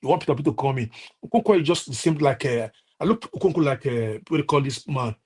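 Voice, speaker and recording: A man's voice: mid-range voice, expressive, fast, a little mellow, breathy edge. A man with a Nigerian accent delivering a heated, impassioned political rant on a live stream, repeating himself and restarting often. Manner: impassioned, repetitive, many restarts and fillers.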